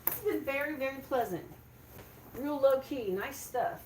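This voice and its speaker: A woman's voice: high voice, measured pace, darkish tone, slight background noise. A woman, chatting casually on a livestream from her home kitchen, laughing often. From Southeastern Virginia. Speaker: vlogger.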